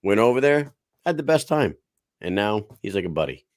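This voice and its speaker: A man co-hosting a casual podcast, telling stories in an animated, profane way. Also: fairly low pitch, moderate pace, no echo, studio quality. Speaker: podcast co-host.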